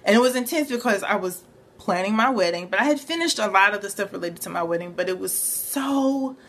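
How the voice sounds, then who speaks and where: A woman's voice: mid-range voice, expressive, a little fast, a bit bright. A young adult woman sharing a personal faith and therapy story in an earnest, reflective way, with many fillers. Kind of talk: personal testimony.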